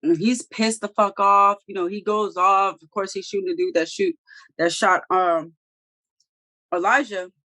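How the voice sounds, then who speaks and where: A woman's voice: medium pitch, a little slow. A woman co-hosting a TV review chat, retelling scenes in a blunt, profane, slangy way. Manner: animated, profane, slangy storytelling. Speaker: co-host reviewing a TV episode. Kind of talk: casual recap chat.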